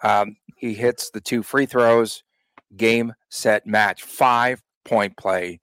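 A man's voice: on the low side, steady tone, takes it slowly, fairly bright tone, dry recording. A man co-hosting a sports podcast, joking and rambling in casual chat. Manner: joking, rambling, laughs often. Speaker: podcast co-host.

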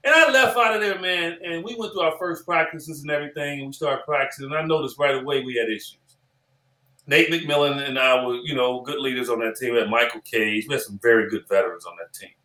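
A man in his sixties, a former basketball player, tells animated stories in an interview, acting out the dialogue and repeating phrases. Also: medium pitch, fast talker. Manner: animated storyteller who acts out quoted dialogue and repeats phrases. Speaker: former basketball player and analyst as podcast guest. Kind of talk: storytelling interview chat. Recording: roomy echoey room.

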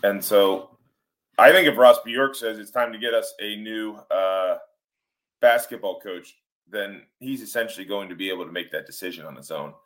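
A middle-aged man co-hosting a sports podcast, thinking aloud in a measured way with fillers. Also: on the low side, fairly bright tone. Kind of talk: casual sports talk.

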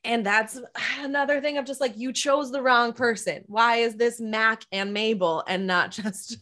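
A woman's voice: fairly high pitch, a little slow, bright, forceful tone. Chatty woman co-hosting a podcast. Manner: chatty, agreeing, frequent fillers. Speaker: podcast co-host. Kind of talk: casual chat.

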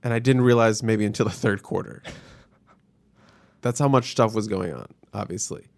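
A man's voice: on the low side, a little slow, gravelly, a little mellow. A man hosting a casual sports podcast, joking as he runs a take-it-or-leave-it segment. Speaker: podcast host.

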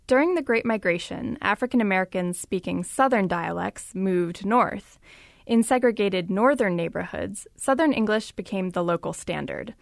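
A woman's voice: mid-range voice, normal speed, creaky, dry recording, clean studio sound. A woman reporter giving scripted, conversational podcast narration.

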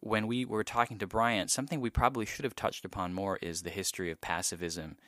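Man, very low voice, bright edge, halting thoughtful podcast talk, dry close sound. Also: steady tone, dry recording. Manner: thoughtful, halting with many ums. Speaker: podcast co-host. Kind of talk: casual discussion.

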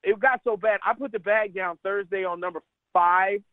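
A middle-aged man with a high voice tells animated, laughing stories as a comedian and caddie on a radio interview. His voice comes through a thin, tinny phone line. The sound is dry, with no room around it. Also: normal speed, no echo. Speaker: caddie and stand-up comedian guest.

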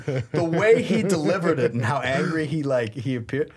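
A man in his thirties, a priest and podcast co-host, telling a story in a lively, laughing way. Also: mid-range voice, normal speed, hardly any pauses, a loud crowd. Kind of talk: casual storytelling chat.

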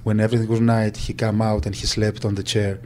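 Greek-accented man, low voice, halting interview recollection. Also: flat delivery, mellow, slight background noise. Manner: halting, many fillers and restarts. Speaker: agent.

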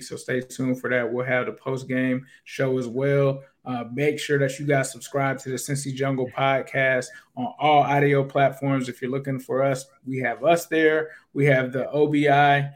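A man co-hosting a sports podcast in a laid-back way, closing the show with shout-outs. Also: mid-range voice, level tone, normal speed, few pauses. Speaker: podcast co-host. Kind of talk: casual sports chat.

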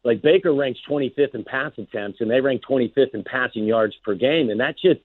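A man's voice: medium pitch, fairly quick, breathy edge, dry recording. A man, a former wide receiver, talking football as a guest on sports radio in a plainspoken, earnest way. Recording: dry phone line.

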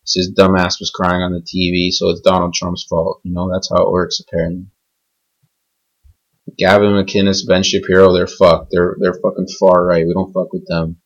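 A young man hosting a podcast rants in anger off the cuff, cursing constantly and drifting between points. His deep voice stays monotone at a moderate pace, and the recording's highs are cut off.

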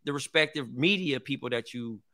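A male podcast co-host chats easily and chimes in to agree. His voice is bright and smooth at a middle pitch. It is recorded dry and close. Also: moderate pace, dry recording. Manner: easygoing, chiming in with agreement. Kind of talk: casual chat.

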